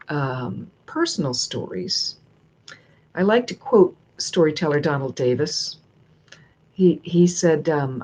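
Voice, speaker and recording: A woman's voice: fairly low pitch, darkish tone, husky. A woman storyteller leading a workshop, talking in a chatty, digressive way with many restarts, over dull lo-fi stream audio. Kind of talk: casual instructional talk.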